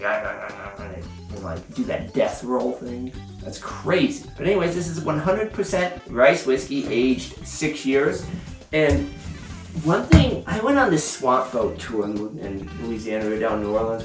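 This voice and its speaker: A man giving a casual, rambling whiskey review, telling stories with lots of fillers. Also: lowish voice. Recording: roomy, mic at a distance.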